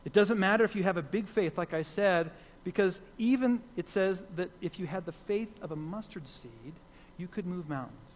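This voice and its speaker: A man's voice: sits high, expressive, moderate pace, slight background noise. A man preaching a sermon as pastor, earnest and repeating key phrases for emphasis. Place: church sanctuary. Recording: long hall reverb.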